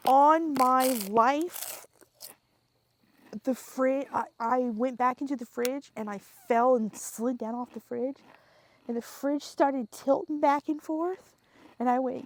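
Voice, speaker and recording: Young woman w a highish voice, telling a crazy story slow and animated, swearing a lot, dry close sound. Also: dry recording. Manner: animated, laughing, swears freely, acts out scenes. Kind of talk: casual storytelling chat.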